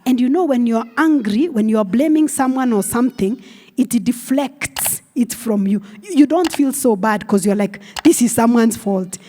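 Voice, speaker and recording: A woman's voice: fairly high pitch, moderate pace, dark tone. A woman with a Kenyan accent giving a sermon in a conversational, explanatory teaching tone. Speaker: preacher. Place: church. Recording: long church hall reverb.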